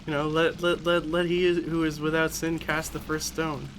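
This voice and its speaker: A man's voice: fairly high pitch, level tone, normal speed, noisy background. Giggly, rambling man streaming a game. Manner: rambling, giggly, profane storytelling. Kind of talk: casual gameplay commentary.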